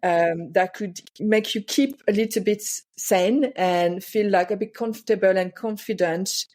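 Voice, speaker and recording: A woman's voice: medium pitch, measured pace, darkish tone. A French woman with a French accent, a guest artist chatting in an interview, hesitant with many fillers. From France. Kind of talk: casual interview chat.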